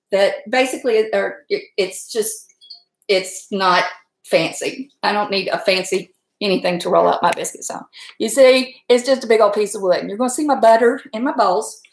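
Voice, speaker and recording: A middle-aged woman, hosting a casual cooking stream from her home kitchen, folksy and chatty, laughing often and talking fast from nerves. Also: fairly high pitch. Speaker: home cook and channel host. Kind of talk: casual cooking livestream chat. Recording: echoey kitchen room.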